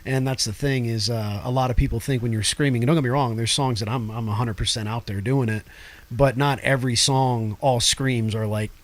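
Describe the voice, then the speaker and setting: Male guest vocalist, mid-pitched, talkative and laughing easily; casual interview. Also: brisk. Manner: laughs often, animated and talkative.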